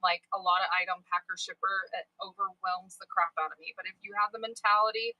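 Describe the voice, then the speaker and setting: A woman's voice: mid-range voice, flat delivery, a little fast, no room sound, lo-fi sound. A young woman chatting casually and candidly as a livestream seller, swearing and wandering off topic.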